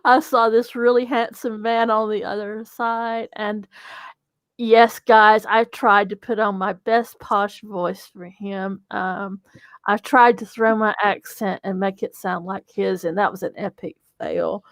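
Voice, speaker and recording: A woman's voice: medium pitch, steady tone, unhurried, no echo. A woman, a company co-founder telling a chatty, giggly story in an interview.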